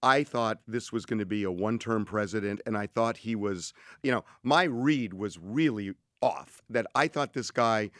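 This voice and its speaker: A man's voice: on the low side, moderate pace, few pauses, no echo, clean studio sound. A middle-aged man co-hosting a podcast, telling an anecdote in a casual conversational way and quoting what others said to him. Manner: animated anecdote, quotes others in his own voice. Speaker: podcast co-host telling a story.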